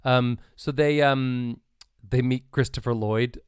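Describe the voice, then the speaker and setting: A man's voice: medium pitch, slow pace, clean tone, no echo, studio quality. An American man co-hosting a podcast in casual chat, joking and retelling stories with lots of ums and uhs. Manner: joking, animated storyteller with many fillers. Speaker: podcast co-host.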